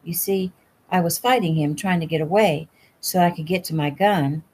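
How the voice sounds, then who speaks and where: A woman's voice: lowish voice, moderate pace, darkish tone, breathy edge. A woman voicing a feisty, stubborn young woman in a storybook reading, wry and matter-of-fact. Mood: steady, wry.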